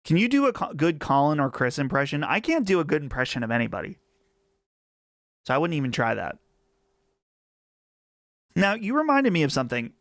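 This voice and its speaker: Gravelly Western Pennsylvania man, chatty. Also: on the high side, very animated, brisk, long pauses, fairly bright tone, no echo, clean studio sound. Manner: chatty, rambling, easygoing. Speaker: livestream host. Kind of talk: casual live chat.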